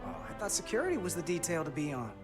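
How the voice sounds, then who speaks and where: A man's voice: high-pitched, sing-song, racing. A man voicing an eager young starship crewman in a video game, over faint music. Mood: earnest.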